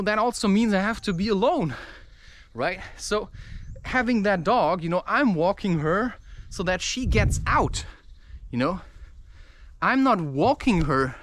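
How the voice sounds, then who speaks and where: A man vlogging outdoors into the camera, talking in an intense, energetic rant. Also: sits high, background noise. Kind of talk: walking vlog talk to camera. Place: outdoors in a park. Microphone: camera mic.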